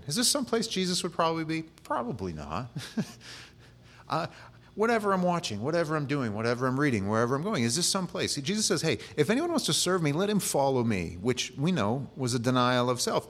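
A man's voice: on the high side, sing-song, quick pace, a bit bright. A male pastor preaching a sermon in a conversational way, with humorous asides.

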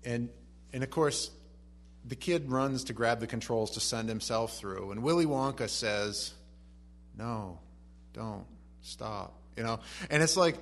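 A man preaching a sermon. He reads scripture softly and then rises to animated emphasis. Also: mid-range voice, moderate pace.

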